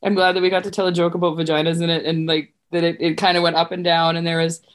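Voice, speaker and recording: A woman's voice: on the low side, level tone, fast. Earnest woman telling a heartfelt story. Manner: earnest and heartfelt, tearful at times. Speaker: podcast guest. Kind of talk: casual chat, telling a story.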